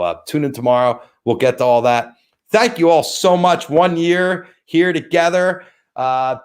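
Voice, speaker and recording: A man's voice: fairly high pitch, clear, resonant tone. Rambling man hosting a live stream. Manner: rambling, thanks viewers by name and plugs sponsors. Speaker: host of a live-stream show. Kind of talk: casual live-stream chat.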